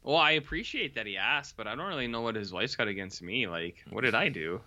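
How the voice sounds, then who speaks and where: A man's voice: mid-range voice, lively intonation, a little fast, bright, forceful tone, dull audio. A tired man co-hosting a podcast, chatting casually and telling anecdotes with quoted voices. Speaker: podcast co-host. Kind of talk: casual chat.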